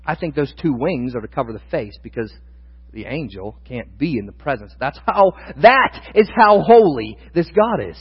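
A man's voice: on the high side, sing-song, normal speed, husky. A male pastor preaching a sermon, candid and thinking aloud at times, then building to emphatic proclamation. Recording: dull sound with long hall reverb.

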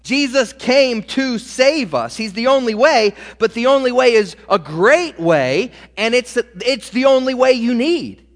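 A male preacher delivering a sermon, slowing down to stretch and stress key words. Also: extremely high pitch, lively intonation. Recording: reverberant hall.

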